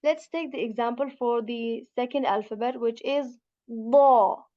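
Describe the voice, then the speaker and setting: Here the teacher's voice is a little high as she leads beginners through Quran Arabic, addressing each student as sister. Every sound comes slowly and patiently, repeated so the class can imitate it, over dull-sounding audio.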